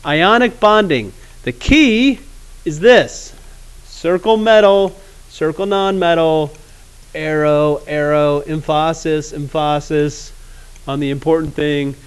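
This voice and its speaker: A man teaching chemistry in a classroom, casual and joking, with awkward pauses. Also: fairly high pitch, clean tone. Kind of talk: classroom lecture.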